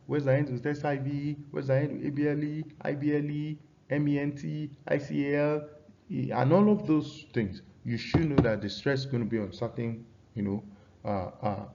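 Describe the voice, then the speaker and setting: A man's voice: fairly high pitch, gravelly, dark tone, lo-fi sound. A man teaching an English pronunciation lesson, often repeating himself and checking in with his students.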